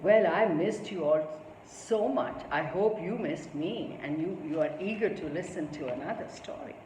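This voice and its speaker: A woman's voice: on the low side, normal speed. A woman reading a story aloud to children, adding her own asides as she goes. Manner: warm, explanatory asides to children. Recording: echoey room with faint noise.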